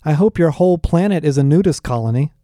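A man's voice: on the high side, expressive, quick pace, warm tone, dry recording, studio quality, voice pushed up, close to an everyday voice. A man voicing an indignant, sardonic young man.

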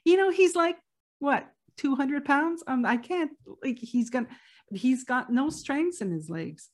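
A middle-aged woman with a slightly raised pitch tells a personal story in a loose, casual way. She talks with plenty of fillers and breaks into laughter now and then. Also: animated, a little slow. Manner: chatty, laughs while telling, lots of fillers.

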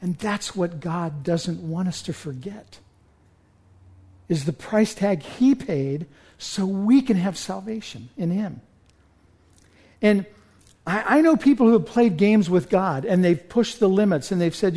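A pastor delivers a sermon in a church, his voice pitched high for a man. He speaks earnestly and presses toward urgent appeals to his listeners. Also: animated, measured pace, mellow, slightly rough.

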